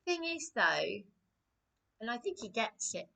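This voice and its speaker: A woman from England rambling aggrievedly in a personal vlog, repeating herself with many restarts, her voice a little hoarse. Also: fairly high pitch, very animated, unhurried, sharp tone. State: voice a bit hoarse. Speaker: vlogger.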